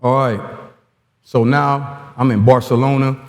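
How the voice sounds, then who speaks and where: A man's voice: medium pitch, fairly even intonation, measured pace, darkish tone, in a large hall. A man from Congo gives a blunt, streetwise motivational talk to coaches, full of stories and slang. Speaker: guest speaker at a coaching clinic.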